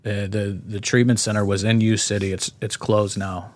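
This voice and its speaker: Podcast guest, male, lowish voice, dry close sound, blunt and swearing, candid storyteller. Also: flat delivery, normal speed, dry recording. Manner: profane, blunt, frequent restarts.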